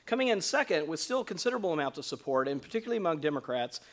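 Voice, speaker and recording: A man's voice: on the high side, big pitch swings, racing. A man presenting survey results at a conference, explaining the figures with many "uh"s and restarts. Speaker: survey researcher presenting findings. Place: conference room.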